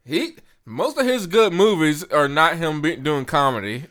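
Male podcast co-host with a crisp voice, sitting a bit high, chatty movie-rant delivery. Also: animated, unhurried, a bit bright. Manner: laughs often while ranting. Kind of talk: casual movie review chat.

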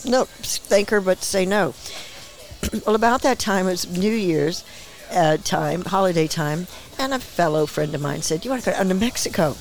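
A woman in her seventies, a guest in a relaxed interview at a small bar. She acts out the people she quotes with a lively storyteller's flair and laughs often. Her voice sits slightly low for a woman. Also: unhurried, creaky, faint music behind. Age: 70s. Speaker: guest actress and director.

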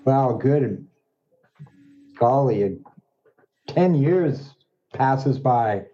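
Slow-telling man with jokes, lo-fi. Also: medium pitch, animated, warm tone. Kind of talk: joke telling. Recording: dull lo-fi audio.

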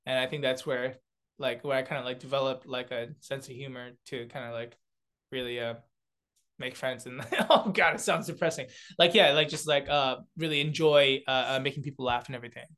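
A young South Korean comedian and beatboxer chats as a guest in a casual interview, his medium-pitched voice a little fast and a bit bright. He rambles, using lots of filler words and restarts, and laughs often.

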